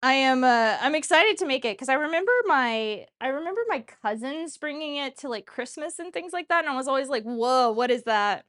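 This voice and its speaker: A woman's voice: high voice, lively intonation, a little fast, hardly any pauses, fairly bright tone. A woman in her thirties chatting casually while hosting a cooking livestream, rambling and laughing often. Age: 30s. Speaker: cooking show streamer.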